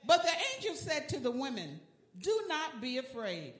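Lively high voice reading scripture in a roomy hall. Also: normal speed. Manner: echoing the preacher's calls. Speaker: congregation and scripture reader. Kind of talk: responsive reading.

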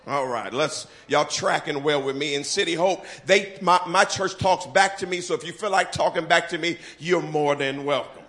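A man preaching a sermon to his church, swinging from quiet talk to shouted, half-sung lines. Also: on the high side, normal speed, few pauses. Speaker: pastor. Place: church sanctuary.

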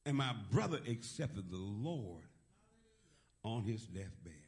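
A middle-aged male pastor preaching a sermon, leading the congregation in call and response, often saying "praise God" and building up to shouts. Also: lowish voice, sing-song, slow.

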